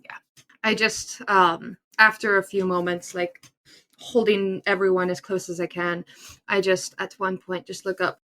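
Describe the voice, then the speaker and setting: Bright-voiced woman playing an anguished character. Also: medium pitch, little pitch movement. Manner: emotional, halting. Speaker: player. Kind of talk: in-character tabletop role-play.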